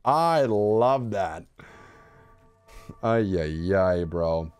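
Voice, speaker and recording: A young man streaming live gameplay commentary, excitable, swinging from low mutters to shouts. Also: extremely slow, clean tone, no echo.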